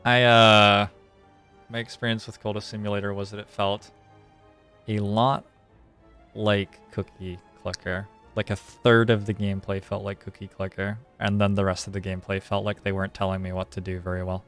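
Male streamer, deeper register, unhurried over-explainer of every move, soft game music under him. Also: clear, resonant tone. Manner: relaxed, thinks aloud, explains at length with frequent "like". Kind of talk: casual live-stream gameplay commentary.

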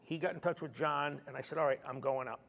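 A man's voice: a little high, quick pace, creaky. A man, a comedian guest, telling a story in a casual chat and acting out the quoted dialogue. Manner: animated, acts out quoted dialogue. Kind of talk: anecdotal storytelling. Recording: long reverb.

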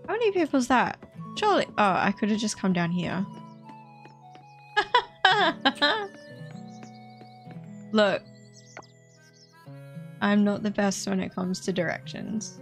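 A woman's voice: mid-range voice, big pitch swings, slow, long pauses, faint music behind. A woman giving casual let's play commentary as she explores a game, chatty and hesitant with many fillers, breaking into squeals of delight at cute animals.

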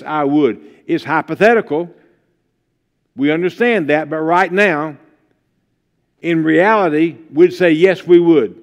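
A male pastor preaching a sermon, stacking up repeated rhetorical questions in a steady preaching cadence. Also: fairly high pitch. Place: church. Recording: dull lo-fi livestream sound.

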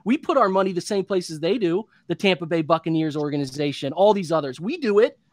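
A man's voice: a little high, quick pace, no room sound. Fired-up man in his thirties, ranting. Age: 30s. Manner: heated, frustrated, rambling with restarts. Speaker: sports podcast analyst. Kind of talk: impassioned podcast rant.

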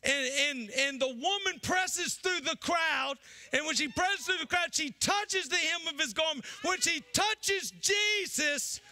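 A man preaching a sermon as pastor. He shouts in bursts, drops low, and acts out the people in the story. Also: measured pace.

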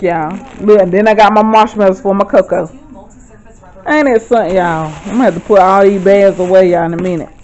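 A woman talks straight to her viewers, chatty and excitable, constantly calling them "y'all." She speaks at an ordinary middle pitch. She is recorded at home on a camera mic, and the sound is dull and slightly lo-fi. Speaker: vlogger. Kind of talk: casual haul vlog.

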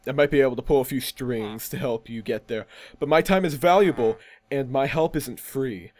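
A man's voice: mid-range voice, moderate pace, a little mellow, pitched below the performer's own voice, lightly acted. A man reading out a game's dialogue, voicing an impatient, self-important male townsman who hands out a quest in a curt, demanding way. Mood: haughty. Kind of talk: reading game dialogue aloud.

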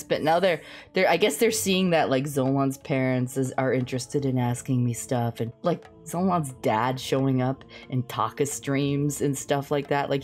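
In a casual stream chat, a young woman shares a story about her family, laughing frequently in a bubbly, lively manner. She has a very deep voice.

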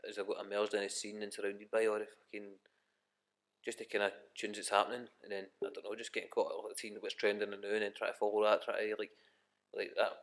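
A young Scottish man, a rapper guest, chatting casually on a podcast, swearing a lot and rambling with many restarts. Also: lowish voice. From Scotland.

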